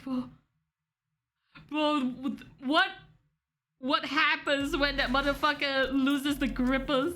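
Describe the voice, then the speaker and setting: A woman's voice: high-pitched, level tone, takes it slowly, pauses often, sharp tone. A young woman streaming a game, reacting with shrieking laughter and frequent swearing. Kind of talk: reactive gameplay commentary.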